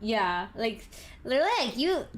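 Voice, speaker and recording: A woman's voice: fairly high pitch, big pitch swings, moderate pace. A young woman guesting on a casual podcast, laughing often and teasing playfully.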